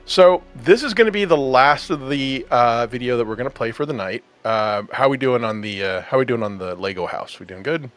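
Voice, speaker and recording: A man's voice: medium pitch, brisk, few pauses, a bit bright, soft background music. A man hosting a podcast in casual chat, enthusiastic and laughing often as he talks. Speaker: podcast host.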